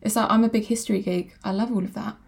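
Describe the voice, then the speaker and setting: A woman co-hosting a podcast in casual chat, relaxed and prone to tangents. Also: mid-range voice, fast talker, vocal fry, breathy edge. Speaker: podcast co-host.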